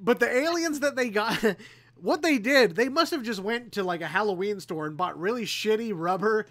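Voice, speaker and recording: A man's voice: sits high, lively intonation, moderate pace, a bit bright. A man co-hosting a casual livestream chat, rambling and laughing through profane movie banter. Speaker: podcast co-host.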